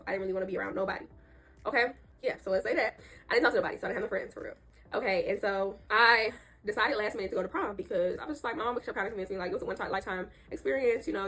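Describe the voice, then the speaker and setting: A young woman telling a casual storytime to her viewers. She sounds congested and a bit nasal from allergies, and she keeps checking in with her audience in a chatty, emphatic way. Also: mid-range voice. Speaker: storytime vlogger. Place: indoor room.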